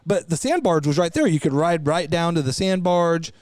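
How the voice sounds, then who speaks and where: Guy rambling thru a story on a podcast, cusses a lot, kinda high voice, dry studio sound. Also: moderate pace, dry recording. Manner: rambling, animated, swears freely. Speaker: podcast co-host. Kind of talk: casual storytelling chat.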